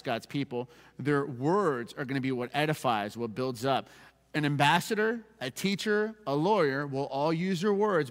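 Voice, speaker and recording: A man's voice: mid-range voice, big-room sound. A man preaching a sermon as pastor, conversational, repeating verse references and checking in with the congregation. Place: church sanctuary.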